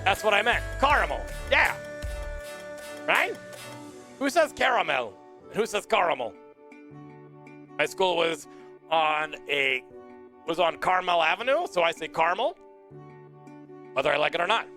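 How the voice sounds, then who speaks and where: A man voicing an excitable male puppet who hosts a live morning talk show, playful and giggly, chatting casually. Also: high-pitched, normal speed, pauses often, soft background music. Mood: silly. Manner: playful, giggly, wordplay-loving. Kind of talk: casual live-stream chat.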